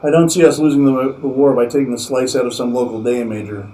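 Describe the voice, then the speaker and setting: A man's voice: medium pitch, fairly even intonation, fast, warm tone, recorded from a distance, close to an everyday voice, low-quality recording. A man voicing a wisecracking, tough male American soldier with a sardonic, streetwise manner. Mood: wry.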